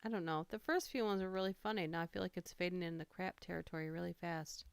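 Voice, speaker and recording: Woman stream host, low-ish smooth voice, casual story reader. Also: quick pace, no echo. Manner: reads funny stories aloud, laughs and greets chat. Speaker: livestream host reading stories aloud. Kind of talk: casual livestream storytelling and chat.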